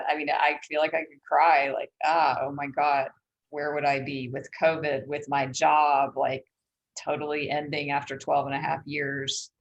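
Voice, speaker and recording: A woman's voice: deep voice, level tone, moderate pace, rough recording. A woman co-hosting a podcast, talking casually and enthusiastically, with lots of "like" and "oh my God". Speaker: podcast co-host. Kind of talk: casual conversation.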